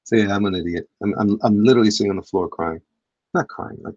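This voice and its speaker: A comic artist chats casually with his livestream audience as he draws, rambling, poking fun at himself and talking to chat. His voice is lowish, a little mellow and breathy, and he talks fast. The audio has no echo but the highs are cut off.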